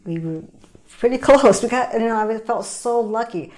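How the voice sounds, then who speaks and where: A woman telling a personal story in a hesitant way, with frequent pauses and fillers. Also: a little high, darkish tone.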